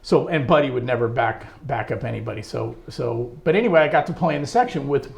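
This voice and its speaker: A man being interviewed, telling a long anecdote about his music career in a lively way, laughing often. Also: mid-range voice, quick pace, gravelly. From United States. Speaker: interview guest, trombonist. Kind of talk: storytelling in casual interview.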